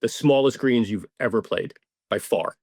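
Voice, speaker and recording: A man, a podcast guest, telling stories in a casual, animated way, swearing now and then and acting out what people said. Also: fairly low pitch, normal speed, no room sound, clean studio sound. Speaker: podcast guest, ball marker maker. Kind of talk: casual storytelling interview.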